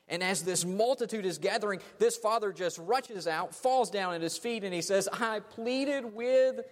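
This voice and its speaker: A man preaching a sermon, dramatic, letting his phrases fade off almost to silence. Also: fairly high pitch. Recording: long hall reverb.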